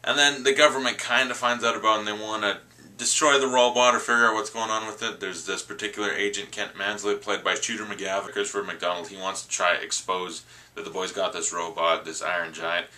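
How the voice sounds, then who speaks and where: Male vlogger doing a rambling, enthusiastic movie review; lowish, very bright tone. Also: steady tone, brisk. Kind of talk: casual vlog review.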